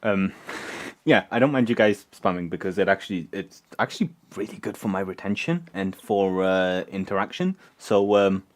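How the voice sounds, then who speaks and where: A man hosting a casual live stream from his home workshop, rambling and halting with many fillers. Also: low voice, lively intonation. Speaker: streamer and electronics maker.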